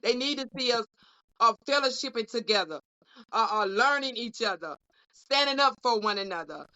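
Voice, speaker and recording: Speaking at a normal speed, this woman has a slightly high, animated voice that sounds pushed and bright. She's a co-host for a union caucus offering emotional closing remarks on a podcast panel, her repeated phrases carrying a preacher-like ring, all captured in dull lo-fi sound.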